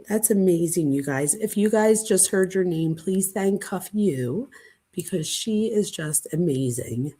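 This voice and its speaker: A woman hosting a casual late-night livestream chat, gushing and excitable, dramatic by her own account, and often breathless. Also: fairly low pitch, slow, slightly rough. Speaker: channel host.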